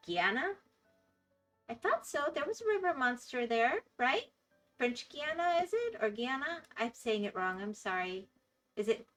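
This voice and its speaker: A woman's voice: medium pitch, fairly bright tone. A woman with a Florida accent chatting casually with her stream chat, laughing often and apologizing when she stumbles over words.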